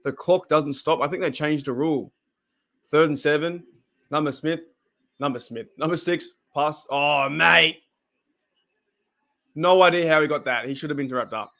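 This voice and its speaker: A man with an Australian accent hosting a casual live-stream reaction to a football game, rambling between excitable play-by-play calls. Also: on the high side, moderate pace, creaky, long pauses.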